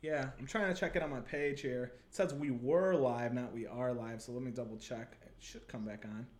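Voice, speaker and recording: A man's voice: medium pitch, steady tone, moderate pace, darkish tone, slight background noise. A man hosting a casual livestream, chatty and upbeat, talking to viewers over a webcam. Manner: upbeat, chatty, many fillers. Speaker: livestream host. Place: Santa Monica, Los Angeles.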